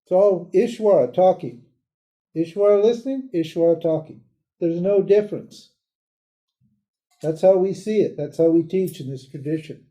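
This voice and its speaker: An older man giving a live lecture on a spiritual text in a casual, animated way, laughing often and mimicking other people. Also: high-pitched, normal speed, long pauses. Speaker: Vedanta teacher.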